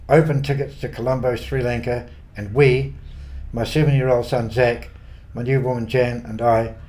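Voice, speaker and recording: An older man with a New Zealand accent narrates his own travel memoir, unhurried and quietly wry. His voice sits at an ordinary middle pitch for a man. It is a read-aloud yarn, paced for the listener. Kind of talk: scripted narration.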